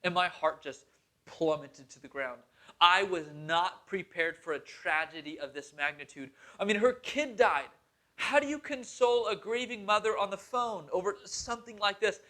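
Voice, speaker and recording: A young pastor preaches in an earnest, conversational way, chuckling now and then as he talks. His man's voice sits high and sounds bright and forceful. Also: moderate pace. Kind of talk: sermon storytelling.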